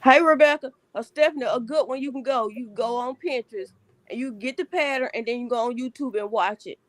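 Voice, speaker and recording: A woman with a country American accent shows her crochet work, walking through each step and repeating herself to make sure it sticks. Her voice is fairly high and the sound is dry and close. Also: fairly quick, no echo. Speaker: crafter guest. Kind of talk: casual crafting demonstration.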